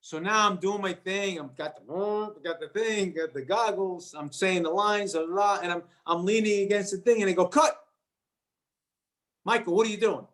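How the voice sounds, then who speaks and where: A man with a slightly raised pitch tells an animated story as a guest. He jumps into the voices of others in his tale and often stumbles over and repeats his words. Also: normal speed, hardly any pauses. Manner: lively anecdote-telling, acts out quoted voices, repeats words. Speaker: actor guest.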